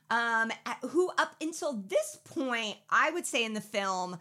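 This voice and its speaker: A woman's voice: fairly high pitch, measured pace. A woman co-hosting a podcast, chatting casually and animatedly as she recaps a film. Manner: chatty, animated, says "like" a lot. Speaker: podcast co-host.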